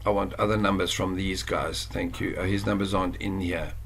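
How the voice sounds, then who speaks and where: A man's voice: low voice, little pitch movement, brisk, a bit bright, a little hiss or hum. Chatty South African man teaching online. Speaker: online course instructor. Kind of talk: casual screen-share tutorial.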